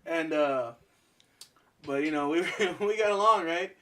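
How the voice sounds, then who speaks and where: A young man with a high voice tells rowdy, profane stories on a comedy podcast. He jumps into silly voices for the people in them. He sits a little back from the mic. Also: unhurried, recorded from a distance. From Mexican heritage, US. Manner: profane, animated storytelling with put-on voices. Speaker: podcast co-host. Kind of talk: casual comedic chat.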